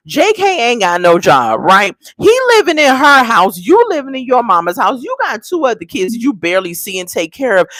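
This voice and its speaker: A woman in her forties recaps a reality show with blunt, sassy storytelling. Her pitch swoops up and down as she talks. The sound is dry and close, with no room echo. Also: fairly bright tone. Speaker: reality TV reviewer. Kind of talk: casual recap commentary.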